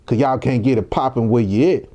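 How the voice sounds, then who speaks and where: A man's voice: medium pitch, a little fast, dark tone. A young man from Mississippi, giving heated, provocative reaction commentary full of rhetorical questions. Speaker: commentary vlogger.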